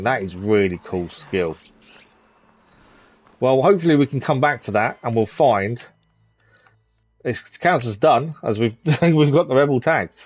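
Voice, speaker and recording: A man's voice: mid-range voice, a little mellow, dry recording. A man from the East of England chatting casually as he plays a game on stream, thinking aloud with plenty of ums. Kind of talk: casual gameplay commentary.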